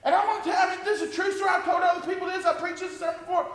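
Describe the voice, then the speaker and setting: A man preaching a sermon to his congregation, impassioned and often rising to shouted exclamations. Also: very high-pitched, flat delivery, racing. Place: church sanctuary with a congregation. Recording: echoey hall with long reverb.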